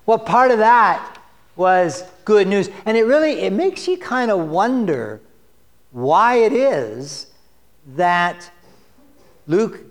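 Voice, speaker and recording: A man giving a sermon in a high, light voice. He talks slowly and unhurriedly, joking wryly with the congregation. He reads scripture aloud with mounting force. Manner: conversational and wry, reads scripture with rising force. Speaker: pastor.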